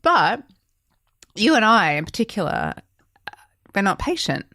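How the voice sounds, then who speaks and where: A woman's voice: medium pitch, very animated, a little slow, pushed and bright, no room sound, clean studio sound. A woman co-hosting a podcast, bantering playfully in casual conversation. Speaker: podcast co-host. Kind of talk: casual chat.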